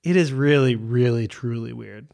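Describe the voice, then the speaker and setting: A man chatting on a podcast, cracking jokes and teasing his co-host. His voice is mid-pitched and easygoing. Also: vocal fry, darkish tone. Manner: playful, jokey and quick to laugh. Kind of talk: casual chat.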